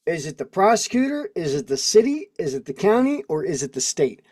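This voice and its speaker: A man with a fairly high-pitched voice hosts a casual livestream over a video call microphone. He preaches in strings of rhetorical questions. He breaks off to read and answer comments from his chat. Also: very animated, a little fast, a little mellow. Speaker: livestream host.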